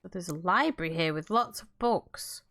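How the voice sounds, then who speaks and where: A woman's voice: fairly low pitch, normal speed, a bit bright, a little hiss or hum. A woman chatting casually while playing a game, telling stories and laughing often. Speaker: game streamer. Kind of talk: casual gameplay chat.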